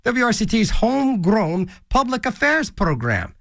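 A man's voice: sits high, sing-song, measured pace, a bit bright, no echo. A man hosting a college radio show from a small studio, rambling through silly, joking asides between songs. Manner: goofy, rambling, jokey asides and silly voices. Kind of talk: casual DJ banter. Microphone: studio microphone.

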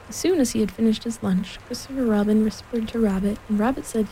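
A woman's voice: fairly high pitch, steady tone, fast, few pauses, dark tone, a little hiss or hum, poor audio. Woman reading a storybook aloud. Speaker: narrator.

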